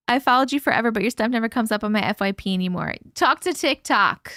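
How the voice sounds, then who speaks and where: A young woman hosts a late-night live stream, bright and a touch high in pitch. She rambles warmly to her viewers, swears without a second thought, and laughs a lot. The sound is close and dry, with no room echo. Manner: chatty, swears freely, laughs often, many "like" fillers. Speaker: livestream host. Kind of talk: casual live chat reading viewer comments.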